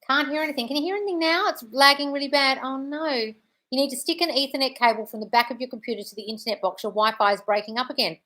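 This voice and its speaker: High, bright and forceful, this woman's voice moves at a quick pace. She's a manifestation coach running a live Q&A, reading viewers' chat questions and answering with blunt, profane replies while calling people darling.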